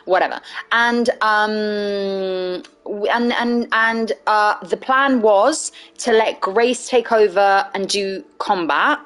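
A woman's voice: mid-range voice, slow pace, fairly bright tone. A young woman chatting casually on a game live stream, playful, laughing often and swearing freely. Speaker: streamer playing a video game.

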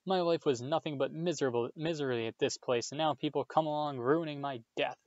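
A man's voice: medium pitch, moderate pace, dry recording, dull audio, lightly acted. A man doing a weepy, whiny ghost girl. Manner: whiny and dramatic.

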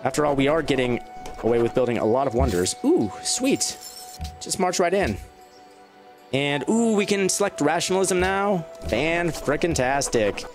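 A man giving casual, chatty commentary on his gameplay. He talks straight to the game's units and jumps up in pitch when he gets excited. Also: moderate pace, faint music behind. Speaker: let's play gamer.

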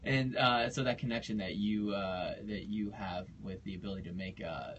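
A man radio host chatting on air, excited and rambling, often repeating his words. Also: on the low side, normal speed, muffled recording, a little hiss or hum. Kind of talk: casual on-air chat.

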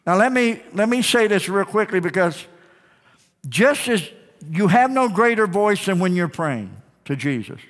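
A man preaches from the pulpit in a high, ringing voice, driving home his points with repetition and calls to the congregation. His sermon carries the long reverb of a church sanctuary. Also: very animated, measured pace. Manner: emphatic preaching with call-and-response, repeated phrases. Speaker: pastor.

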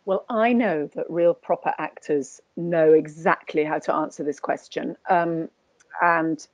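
A woman's voice: deep voice, unhurried, dry recording, muffled recording. A woman guest actor speaking in a conversational webinar interview, thoughtful and anecdotal, often restarting her sentences. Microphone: video call.

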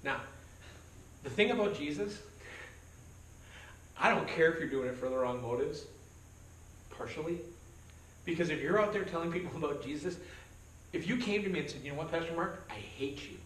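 This pastor's voice sits on the high side, a bit bright, with lively intonation, a moderate pace, and frequent pauses. He guides a conversational verse-by-verse Bible study, joking and voicing the people he quotes. Recorded at a distance in a church meeting room, the sound is roomy, with slight background noise and a faint backdrop.

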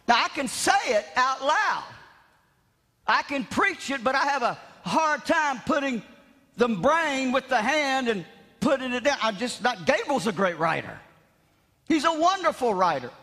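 A man preaching a revival sermon, shouting with animated, self-mocking humor in a large church. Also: extremely high pitch. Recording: long hall reverb in church.

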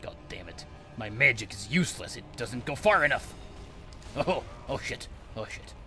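A man's voice: medium pitch, sing-song, moderate pace, pushed and bright, faint music behind. Profane ranting man gaming. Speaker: gamer. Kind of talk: let's play commentary.

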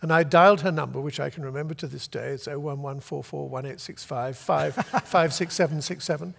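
An older man from Britain, an author telling a long, lively anecdote to a festival audience and acting out the voices he quotes. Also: on the high side, fairly quick, gravelly, hardly any pauses, long reverb tail. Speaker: author guest. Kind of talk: storytelling at a festival talk. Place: festival venue before an audience.

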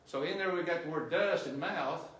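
A male missionary preacher delivering a sermon, quizzing the congregation with questions and growing loud and emphatic at his peaks. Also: on the high side, normal speed, slight background noise. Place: church sanctuary. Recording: roomy church echo, distant mic.

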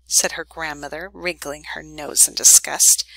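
A woman reading a children's novel aloud in a gentle, even storytelling manner. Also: low voice, a little slow, creaky, no echo, low-quality recording. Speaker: reader.

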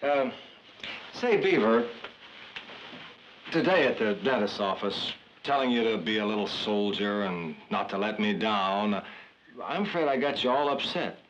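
An actor playing a thoughtful middle-aged suburban father, talking in an earnest, soft-spoken, self-questioning way in a 1950s sitcom. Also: lowish voice, lively intonation, measured pace, a little hiss or hum. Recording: dull 1950s TV soundtrack with faint music.

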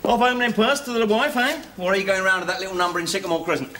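An actor playing a wry, grumbling ex-convict, trading sarcastic banter. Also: male voice, sits high, steady tone, fast talker, sharp tone, a little hiss or hum. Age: 40s. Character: 45-year-old male ex-convict, wry and grumbling.

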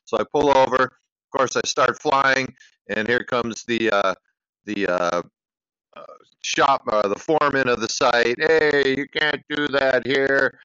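Bright-toned male caller on dull voicemail. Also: mid-range voice, unhurried, smooth, dry recording. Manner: chatty storyteller, many uhs. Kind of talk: recorded voicemail question.

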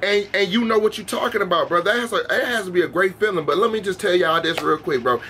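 A man's voice: sits high, fast, pushed and bright, a little hiss or hum. A young man giving casual reaction commentary in a slangy, profane, laid-back way, calling viewers bro. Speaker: reaction video host.

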